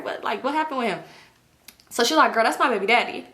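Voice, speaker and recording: Fast-talking animated young woman, storytime. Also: a little high. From Los Angeles area. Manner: animated gossipy storytelling, acts out quoted dialogue, swears freely. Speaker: vlogger. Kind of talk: casual storytime.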